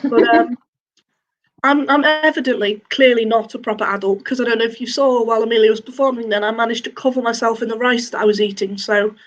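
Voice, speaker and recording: A young woman with a Northern English accent doing a deadpan, self-mocking stand-up routine. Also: a little high, fast talker, dull audio. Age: young adult. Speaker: stand-up comedian. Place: home, online showcase.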